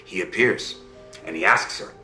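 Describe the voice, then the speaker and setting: A man telling a fairy tale in an animated storytelling style, often checking in with his listener. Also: deep voice, moderate pace, reverberant, faint music behind.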